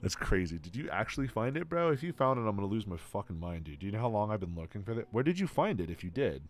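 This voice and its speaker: A young man streaming live, reading and answering chat in an excitable, casual way, swearing freely and calling everyone "bro". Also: lowish voice, fast.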